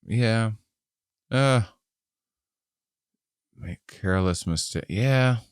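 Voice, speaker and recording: A man's voice: fairly low pitch, extremely slow, clear, resonant tone, dry recording, clean studio sound. A middle-aged man co-hosting a casual podcast, rambling and self-deprecating as he reads survey questions aloud. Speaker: podcast co-host.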